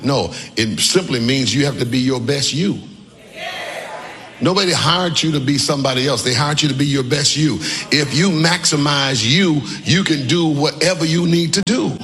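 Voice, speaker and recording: A man preaching a sermon as pastor, calling on the congregation to answer back and shouting his key lines. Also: fairly high pitch, lively intonation, normal speed, big-room sound, crowd noise. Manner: call-and-response preaching, often shouting emphatic lines. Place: church sanctuary with congregation.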